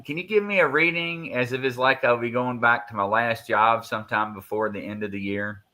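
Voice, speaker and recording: A man's voice: medium pitch, a little fast, bright, forceful tone. A man hosting a casual live podcast, reading listener questions and teasing his co-hosts with a playful, laughing manner.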